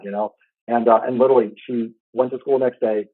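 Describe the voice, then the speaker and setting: A man in his thirties telling a heartfelt personal story in a casual, halting way, full of restarts. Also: medium pitch, steady tone, dry recording, phone-quality sound. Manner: fast, halting, with many restarts and fillers; earnest, heartfelt. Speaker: podcast host.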